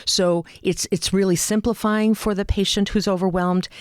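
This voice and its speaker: Animated woman telling stories in an interview. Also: medium pitch, moderate pace, clear, resonant tone, no echo, studio quality. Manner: animated storyteller, acts out quoted dialogue. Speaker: hospice and palliative care advocate. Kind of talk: interview conversation.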